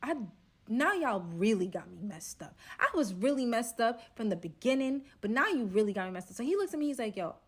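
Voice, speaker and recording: A young woman telling a personal story in a storytime vlog, animated and dramatic, acting out quotes. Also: a little high, brisk, breathy edge.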